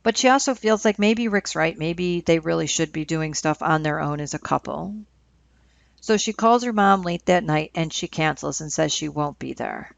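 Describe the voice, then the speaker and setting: Give me a woman narrating a story conversationally, low-pitched, on a dry recording. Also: vocal fry, no room sound. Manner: conversational, with fillers like "like". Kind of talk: casual storytelling. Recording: dull lo-fi recording.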